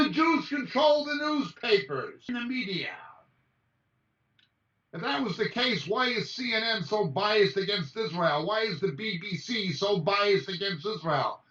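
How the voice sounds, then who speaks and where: A man's voice: high voice, pushed and bright. Emphatic man on an echoey video call. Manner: emphatic, rattles off lists of names. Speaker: Bible teacher. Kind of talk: impassioned message over a video call. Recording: echoey, distant, dull video-call audio.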